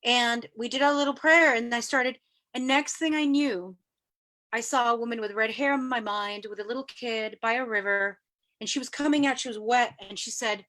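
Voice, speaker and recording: A woman from New York City with a bright, forceful voice pitched a little high. She is a guest in a casual interview and tells her stories in an animated way, acting out the voices of the people she quotes. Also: normal speed. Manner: lively storyteller who acts out quoted voices. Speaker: guest sharing spiritual experiences.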